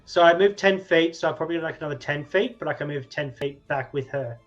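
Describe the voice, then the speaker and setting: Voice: medium pitch, fast talker, soft background music. Giggly player on a dull lo-fi mic. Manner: giggly, hesitant, lots of fillers. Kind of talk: casual tabletop game play.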